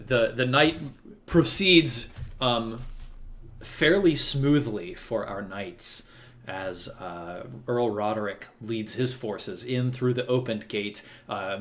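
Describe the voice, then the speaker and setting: A man's voice: mid-range voice, a bit bright. A man running a tabletop role-playing game as game master, narrating loosely with lots of fillers.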